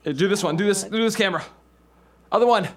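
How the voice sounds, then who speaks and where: A man's voice: high voice, quick pace. A man co-hosting a casual studio show, chiming in with short upbeat remarks and explaining game rules. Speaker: regular co-host.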